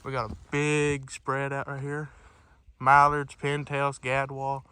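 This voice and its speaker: A man's voice: medium pitch, monotone, slow, pushed and bright, clear, resonant tone, dry recording. A man vlogging from a duck hunt outdoors by a lake, shivering from the cold and rambling with plenty of fillers. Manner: plain, rambling, with many fillers. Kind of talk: casual outdoor vlog. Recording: outdoor wind and background noise.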